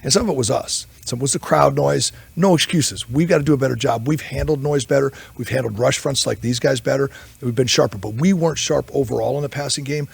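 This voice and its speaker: A man's voice: medium pitch, brisk, vocal fry, breathy edge, no echo. A man, an offensive line coach, giving candid, rambling answers at a press conference and telling stories as he goes. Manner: rambling storyteller, candid, self-interrupting.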